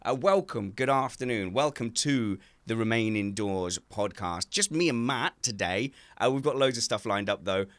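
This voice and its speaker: A man hosting a casual podcast from his garden shed, self-mocking and animated as he tells stories. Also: on the low side, normal speed, few pauses, dry recording. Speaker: podcast host.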